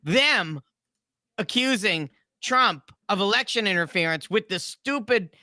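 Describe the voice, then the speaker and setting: Sarcastic male puppet pundit played by a man; bright, edgy voice, close and dry. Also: high voice, expressive, a little slow, no room sound, exaggerated voice. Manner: sarcastic, opinionated. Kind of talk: political commentary banter.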